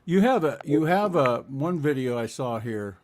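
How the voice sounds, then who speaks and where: A man's voice: medium pitch, expressive, normal speed, a little mellow, slight background noise. A man co-hosting a casual talk show, mostly agreeing with short affirmations. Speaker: co-host. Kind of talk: casual chat.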